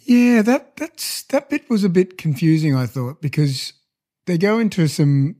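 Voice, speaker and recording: Mellow man with a slightly rough throat. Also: a little high, measured pace. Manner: relaxed, searching for words. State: throat a little off. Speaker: podcast co-host. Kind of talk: casual chat.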